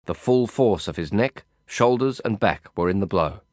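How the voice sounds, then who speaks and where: A man reading a first-person novel aloud in a measured, brooding way. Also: fairly low pitch, animated, darkish tone, dry recording, studio quality. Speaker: audiobook narrator.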